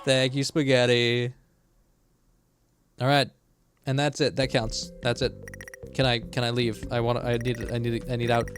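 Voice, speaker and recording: A man streaming a game, talking in an excitable, rambling and jokey way to his chat. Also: mid-range voice, normal speed, long pauses, soft background music. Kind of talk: gaming livestream chat.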